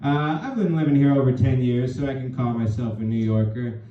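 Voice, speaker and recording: A man's voice: mid-range voice, a little fast. A man from California doing a rambling, self-deprecating stand-up set full of fillers. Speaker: stand-up comedian. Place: small comedy club. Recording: roomy, distant, dull club recording. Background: audience laughter.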